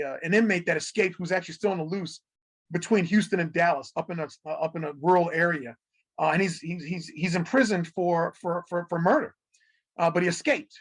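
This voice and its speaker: Higher-pitched husky guy, middle-aged, guest chatting, acts out quotes, laughs a lot. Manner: animated storyteller who acts out quotes, laughs often. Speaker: guest, television executive. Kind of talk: casual interview storytelling.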